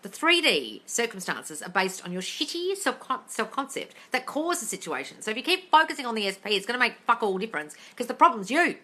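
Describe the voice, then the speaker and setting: A woman's voice: a little high, big pitch swings, fairly quick, hardly any pauses, bright, forceful tone. A woman coaching listeners in a casual live-stream Q&A, blunt and sweary, calling everyone darling. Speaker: manifestation coach answering live questions. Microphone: phone.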